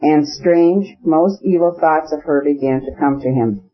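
A man reading a classic novel aloud as an audiobook narrator, measured and even. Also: a little high. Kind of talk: scripted narration. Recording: slightly muffled audio.

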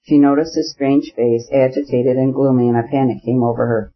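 A man reading a classic novel aloud as an audiobook narrator, measured and even. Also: mid-range voice. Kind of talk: scripted narration. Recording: slightly muffled audio.

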